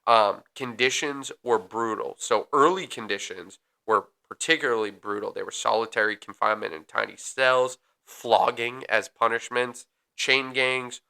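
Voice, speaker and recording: A man co-hosts a casual podcast and reads prison history from his notes, with plenty of filler ums. His voice sits fairly low but has a bright, forward edge, and he breaks off for offhand jokes. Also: gravelly. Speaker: podcast co-host.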